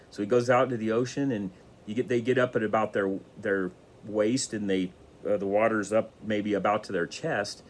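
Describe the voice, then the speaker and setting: A man's voice: on the low side, steady tone, moderate pace, a little hiss or hum. A man telling a motivational story in a casual, rambling way with many restarts. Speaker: motivational speaker.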